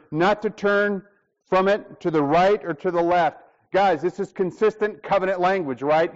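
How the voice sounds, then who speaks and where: High-voiced preaching man, lo-fi sound. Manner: emphatic preaching with acted dialogue and rhetorical questions. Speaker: pastor. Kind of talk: sermon.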